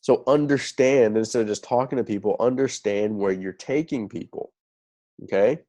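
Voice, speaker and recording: In a recorded training lesson, a sales recruiting trainer with a mellow, mid-range voice and moderate pace teaches about recruiting. He constantly checks in with "okay?" and "right?" and repeats key phrases for emphasis.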